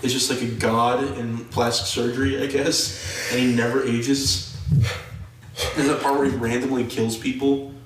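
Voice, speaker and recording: A young man in casual podcast chat about movies, rambling and animated. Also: medium pitch, normal speed. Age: young adult. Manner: rambling, animated, mocks actors' accents. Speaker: podcast co-host. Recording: echoey room, distant mic, faint noise.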